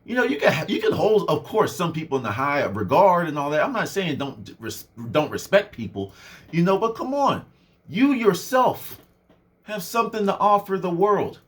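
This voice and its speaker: A young man talking straight to his listeners in a loose, chatty motivational style. His voice sits high and bounces through a wide range, and he drops it low and lifts it again to make a point. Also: normal speed. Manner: animated, swings voice up and down for effect; conversational with many fillers. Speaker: motivational speaker. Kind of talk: casual motivational monologue.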